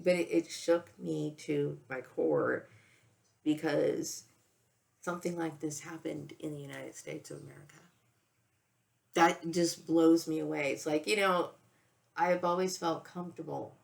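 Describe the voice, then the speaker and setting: A woman's voice: deep voice, measured pace, gravelly. A woman in her sixties speaking in an emotional, rambling personal monologue, near tears, with many restarts and frequent "okay?" and "you know.". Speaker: vlogger.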